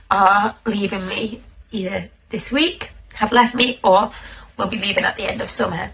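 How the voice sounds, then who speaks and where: A young woman, thanking her class's families in a tearful, halting, heartfelt way. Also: medium pitch, steady tone, gravelly, a bit bright, poor audio. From North West England. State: tearful, close to crying. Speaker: toddler class leader. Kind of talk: casual thank-you message to parents.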